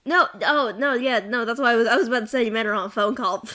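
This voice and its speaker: A high-voiced woman with an American accent trades casual banter as a co-host. She laughs easily and swears freely, pushing back playfully whenever she's teased. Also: quick pace, bright, forceful tone.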